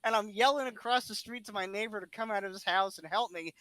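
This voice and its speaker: A man on a podcast, telling a funny story in a lively way and laughing often. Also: high-pitched, fast, no room sound. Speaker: podcast co-host. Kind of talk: casual storytelling chat.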